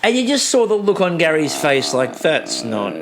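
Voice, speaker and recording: A man co-hosting a casual comedy recap, telling stories in an animated, ranting way. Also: sits high, a little fast, gravelly, over music. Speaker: podcast co-host.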